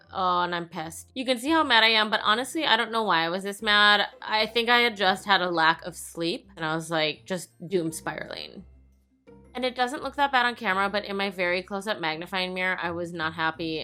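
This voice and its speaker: Bright-voiced chatty woman doing makeup. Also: medium pitch, smooth. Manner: chatty, self-mocking, swears freely; talks to herself as an onlooker. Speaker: makeup vlogger. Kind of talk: casual makeup tutorial voice-over.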